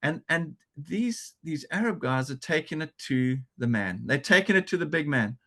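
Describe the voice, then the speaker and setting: A man's voice: on the high side, lively intonation, normal speed, sharp tone. A man from South Africa, a podcast guest, telling a story in an earnest, restless way full of restarts and repeated words. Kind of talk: conversational storytelling.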